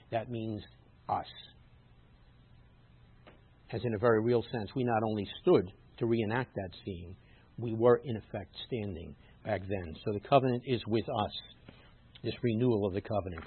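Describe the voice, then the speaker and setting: Rabbi delivering a sermon, slightly husky, emphatic swells, tinny phone-like sound. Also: male voice, on the low side, normal speed, no echo. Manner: emphatic, rises loud on scripture quotes, teacherly asides.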